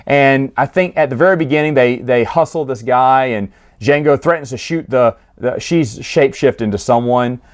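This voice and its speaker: Male book reviewer, mid pitch, relaxed chatty recap, acts out quotes. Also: moderate pace, hardly any pauses.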